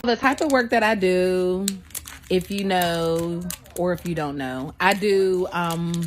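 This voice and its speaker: A woman's voice: lowish voice, slow pace, slight background noise. A woman in a sassy social media monologue, mocking and emphatic.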